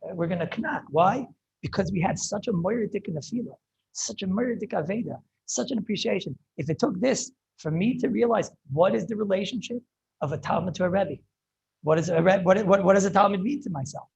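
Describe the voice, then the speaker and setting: A man, a rabbi, giving an impassioned Torah lecture over a video call, often halting and repeating words as he searches for them. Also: sits high, gravelly, a little mellow, slightly rough, rough recording. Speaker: rabbi teaching a class.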